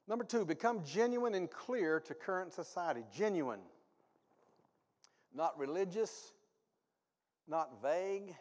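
A male pastor delivers a sermon with a lively, swooping delivery, his fairly high voice rising to loud exhortation and dropping to quiet asides. He mixes in self-deprecating humor. A long reverb from the church hall trails behind his words. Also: unhurried, long pauses. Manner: animated, swings from low asides to loud exhortation; self-deprecating humor, reads ads aloud for laughs. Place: church sanctuary.

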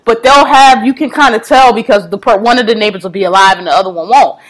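A woman's voice: a little high, fast talker, fairly bright tone. A woman in casual chat, retelling a story with laughter, slang and acted-out quotes.

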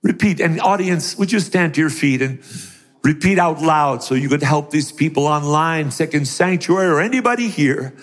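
A man's voice: a little high, moderate pace, in a large hall. A middle-aged man preaching a sermon who acts out the voices of the people in his stories. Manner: animated, acts out voices in quotes.

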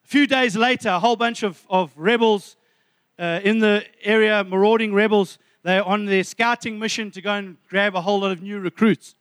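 A man's voice: sits high, fairly even intonation, moderate pace, fairly bright tone, clean tone. A man preaching a sermon, retelling a story and often calling his listeners friends, with many restarts. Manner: addresses listeners as friends, stumbles through restarts.

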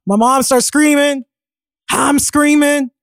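Lively young woman telling a wild story. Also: high voice, dry recording, clean studio sound. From Caribbean family. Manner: animated, swearing, quick storytelling with acted quotes. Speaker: musician guest. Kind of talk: casual interview storytelling.

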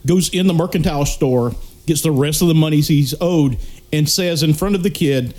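Man, slightly high pitch, stop-start speech, casual movie recap. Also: darkish tone. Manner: halting, restarts often. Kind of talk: casual movie review chat.

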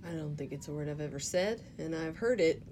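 A woman's voice: low voice, a little fast, mellow, a little hiss or hum. A woman co-hosting a podcast, giggly, mostly short agreeing replies. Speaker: podcast co-host. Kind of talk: casual discussion.

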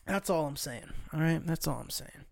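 A man hosting a podcast, telling comic stories in a profane, rambling, animated way. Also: a little high, normal speed, gravelly, no echo. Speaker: podcast host. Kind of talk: casual comedic storytelling monologue.

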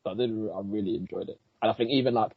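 A man, co-hosting a podcast and excitedly recapping an episode in slangy, sweary casual chat. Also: lowish voice, very fast, creaky, breathy edge, dry recording. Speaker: podcast co-host. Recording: dull lo-fi, dry.

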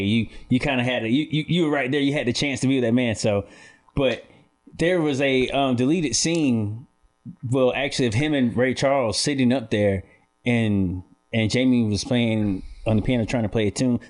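A man in casual conversation, rambling through anecdotes and acting out quotes in a raised voice. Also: a little fast. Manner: rambling storyteller, acts out quotes with raised pitch. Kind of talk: casual chat.

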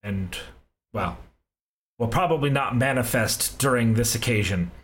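A man voicing a grave, grieving elder male forest leader who speaks in solemn, measured phrases. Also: medium pitch, lightly acted.

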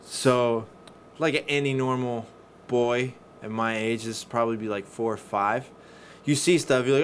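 A man talking casually on a podcast, swearing freely and telling stories in an animated way. His pitch sits in the ordinary middle range for a man. A faint hiss of background noise runs under the voice. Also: measured pace. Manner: profane, animated storyteller. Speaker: podcast co-host. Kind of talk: casual chat.

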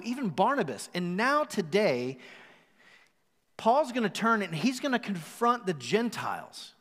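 High-voiced preacher in a reverberant hall. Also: male voice, fairly bright tone. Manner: emphatic, slows down for dramatic rhetorical questions. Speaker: pastor. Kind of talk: live sermon. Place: church hall. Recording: live sermon with long hall reverb.

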